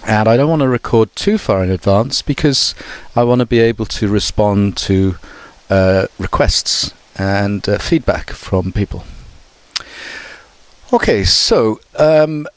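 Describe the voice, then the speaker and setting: A man, a teacher, giving an online mini lesson. He talks slowly and carefully, with many hesitant fillers. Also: lowish voice, lively intonation. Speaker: English teacher.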